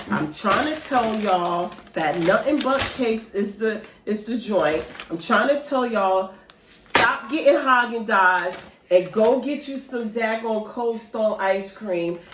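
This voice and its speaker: Background noise and a roomy echo surround this mukbang vlogger, a woman with a medium-pitched, animated, unhurried voice. She rambles casually to her eating-vlog audience, speaking right to them as "y'all."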